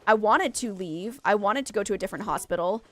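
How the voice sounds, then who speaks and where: While livestreaming a game, a young adult woman rambles in casual chat, exclaiming often and restarting sentences. She is a fast talker with an expressive, medium-pitched voice that's a bit bright.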